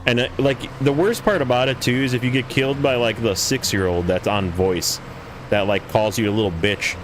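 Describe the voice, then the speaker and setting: A man's voice: medium pitch, fairly quick, slight background noise. A man hosting a gaming livestream, chatting casually with viewers in a rambling, self-deprecating way while he plays.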